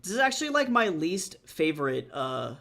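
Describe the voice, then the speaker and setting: A man streaming as a webcomic artist, chatting casually and thinking out loud in a rambling, self-deprecating way as he works. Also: a little high, big pitch swings, moderate pace, creaky. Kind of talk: casual livestream chat while drawing.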